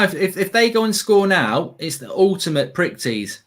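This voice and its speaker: An English man co-hosting a live football watchalong, chatting casually with animated, sweary banter and loud outbursts. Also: sits high, moderate pace. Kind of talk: casual live match chat.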